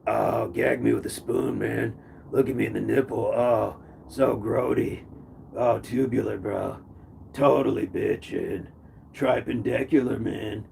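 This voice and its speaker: A man's voice: medium pitch, unhurried, gravelly, a little mellow, slight background noise. A man putting on a laid-back young surfer dude with a lazy drawl and surfer slang.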